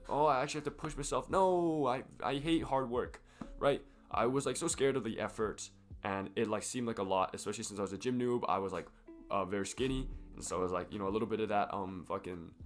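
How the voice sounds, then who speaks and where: Fast-talking croaky young man. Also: on the low side. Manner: rambling, profane, chatty. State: croaky from being sick. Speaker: fitness vlogger. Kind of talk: casual to-camera vlog.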